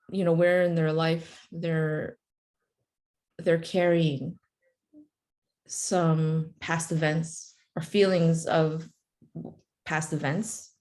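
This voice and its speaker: A woman's voice: fairly low pitch, darkish tone. A woman speaking on a webinar video call, telling stories in a casual, chatty way with many fillers. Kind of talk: casual storytelling in a motivational webinar.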